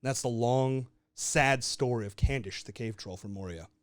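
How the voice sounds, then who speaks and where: A man's voice: mid-range voice, moderate pace, no echo. A young man co-hosting a podcast, casually telling a made-up story in a loose, swearing, laughing way. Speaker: podcast co-host.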